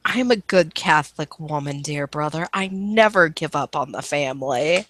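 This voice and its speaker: A woman's voice: low voice, lively intonation, moderate pace, fairly bright tone. A woman voicing a devout young Italian woman who speaks in a sweetly formal, proper way to her brother in a tabletop game. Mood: prim.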